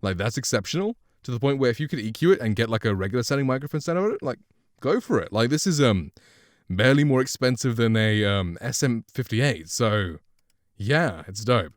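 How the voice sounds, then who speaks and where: At his home streaming setup, a man casually reviews and demonstrates the studio condenser mic he's speaking into up close. His mid-range voice is expressive and a little fast, the recording is dry, and his chatty, rambling talk is full of self-corrections.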